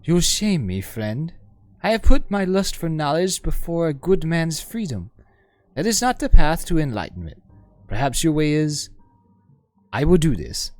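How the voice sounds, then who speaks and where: A man's voice: fairly high pitch, big pitch swings, measured pace, darkish tone, dry recording. A man voicing an earnest woman who pleads and reasons, as a dramatic reading of game dialogue. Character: earnest young woman seeking wisdom.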